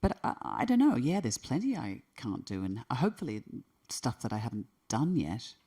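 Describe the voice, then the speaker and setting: A woman's voice: a bass voice, huge pitch swings, normal speed, warm tone, breathy edge. A woman in her fifties, an actress answering interview questions in a thoughtful way, often restarting her phrases. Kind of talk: conversational interview.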